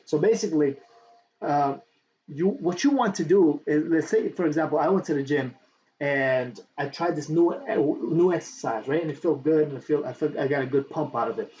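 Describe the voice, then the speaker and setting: A man's voice: a little high, normal speed. A man teaching affiliate marketing in a casual on-camera tutorial, chatty and repetitive, asking "right?" again and again. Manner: animated, reaching around for books while talking. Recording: dull lo-fi sound with faint background noise.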